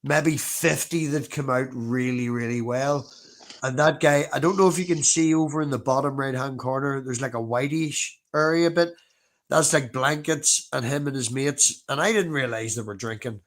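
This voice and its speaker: An Irish man on a livestream panel, chatting and telling stories in a profane, animated way. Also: mid-range voice, normal speed. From Ireland. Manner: profane, animated, talks over others. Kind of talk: casual chat and storytelling.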